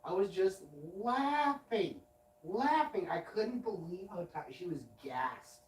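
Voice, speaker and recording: Speaking slowly in a high-pitched, expressive voice, a man hosts a late-night livestream and tells a long anecdote. The telling is loose, full of swearing and self-interruption, and the audio is roomy and far from the mic.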